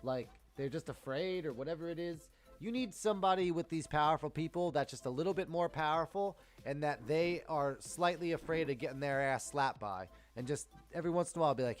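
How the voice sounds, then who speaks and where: A man ranting and cursing on a trading live stream, swinging between loud outbursts and muttered asides. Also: fairly high pitch, a little fast, few pauses, soft background music. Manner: profane, heated, swings loud and quiet. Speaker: live-stream day trader.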